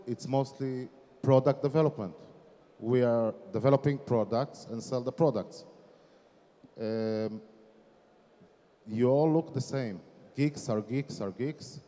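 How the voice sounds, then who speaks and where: A man's voice: medium pitch, mellow. A man in his forties with an Israeli accent, giving an informal, self-deprecating startup conference talk with frequent fillers. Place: conference startup stage in a large hall. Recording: long hall reverb from the venue.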